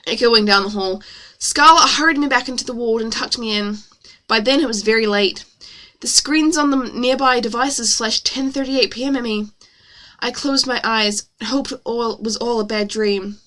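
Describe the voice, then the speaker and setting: A woman streamer reading her own novel aloud, with a bright, rather high voice. She breaks off often for playful, self-mocking asides. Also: moderate pace.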